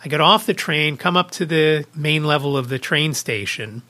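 A man's voice: a little high, normal speed, sharp tone. A man hosting a podcast, casually retelling a personal anecdote with small restarts. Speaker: podcast host. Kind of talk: casual storytelling vlog.

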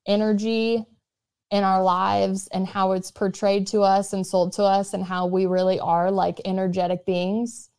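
A young woman reading her own blog post aloud, earnest and measured in a voice she calls monotone. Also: mid-range voice, clear, resonant tone. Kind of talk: reflective spoken intro and read-along of her writing.

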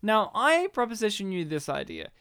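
A man chats about a film on a podcast. His voice is smooth and clear. He keeps the talk playful and often slips into short impressions of characters. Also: high voice, big pitch swings, bright, forceful tone. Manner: playful, acts out characters in quick bits. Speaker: podcast co-host. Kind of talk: casual film chat.

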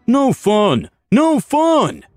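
Man playing a shrill petulant villain, whiny man-child, sneering, high voice, dry recording. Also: huge pitch swings, drawn-out words, no room sound, faint music behind, exaggerated voice.

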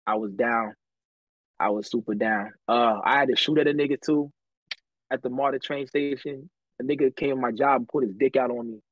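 A man tells stories from his life on a podcast in a loose, slangy, profane way, often laughing. His voice is husky and mid-pitched. The sound is dry and a little dull. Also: steady tone, fairly quick, dry recording. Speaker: podcast guest telling his story. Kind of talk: casual chat, storytelling.

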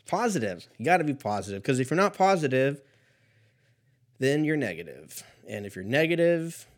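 Sing-song and mid-range, this podcast host's voice moves at a normal speed. In his thirties and slightly stoned, he wanders from topic to topic in a profane comedy monologue, cracking himself up along the way.

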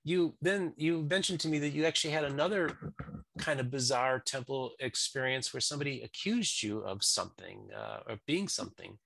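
Man interviewing, gravelly and bright. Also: medium pitch, animated, a little fast, no room sound, rough recording. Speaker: interviewer host. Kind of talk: interview questions.

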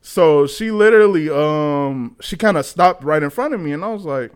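A young man in his twenties tells a story in casual chat, animated and full of slang. His voice sits a bit on the high side. He laughs often as he talks. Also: normal speed, smooth.

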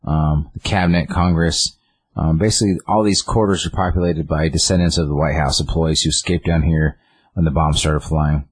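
A man's voice: very deep voice, steady tone, moderate pace, slight background noise. A man doing a formal android. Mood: matter-of-fact. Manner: wordy, precise phrasing. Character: android male bunker keeper, formal and precise.

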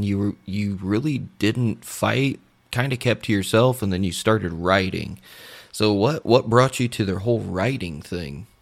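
A man interviewing an author, summing up before an easygoing question. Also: fairly low pitch. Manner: easygoing, recaps before asking.

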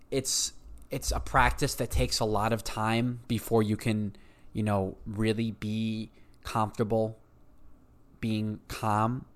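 Restless, chatty male podcast host. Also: mid-range voice. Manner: energetic and restless, repeats words. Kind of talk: podcast intro monologue.

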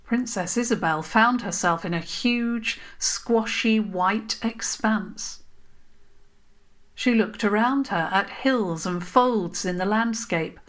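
A woman narrating a children's story in a gentle, unhurried way. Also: medium pitch.

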